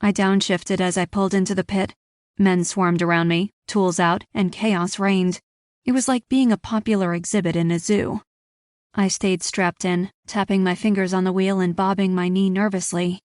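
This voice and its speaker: A woman's voice: mid-range voice, fairly even intonation, normal speed, darkish tone, dry recording, clean studio sound. Woman narrating a tense first-person story. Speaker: audiobook narrator.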